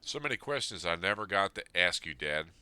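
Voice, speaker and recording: A man's voice: sits low, big pitch swings, fairly quick, sharp tone, clean tone, no room sound. A man in his fifties, a podcast host, reading a personal letter aloud and then talking it over in an earnest, plain-spoken way. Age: 50s.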